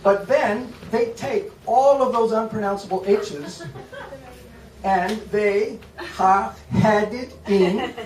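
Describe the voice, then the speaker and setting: Stand-up comic, American man, high voice, deadpan and self-mocking, roomy distant club recording. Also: slow pace. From United States. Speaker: stand-up comedian. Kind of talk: stand-up comedy set. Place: comedy club stage. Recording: echoey room from far off, loud noise.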